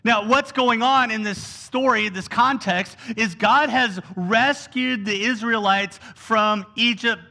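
Male preacher, high bright voice, animated sermon storytelling. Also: slow pace, gravelly, hardly any pauses. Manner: animated storytelling with whiny acted-out quotes.

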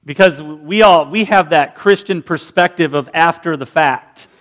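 A man in his forties with a notably high voice delivers a sermon. He talks in an animated, storytelling way and acts out the people he describes. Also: unhurried. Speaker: pastor.

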